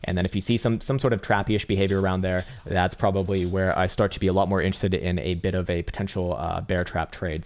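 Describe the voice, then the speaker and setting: A young man with a fairly low voice runs a live crypto trading stream. He talks chart analysis in a loose, animated way, swearing freely and laughing often as he goes. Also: fast talker, few pauses. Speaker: crypto trading livestream host. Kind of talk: casual live market analysis.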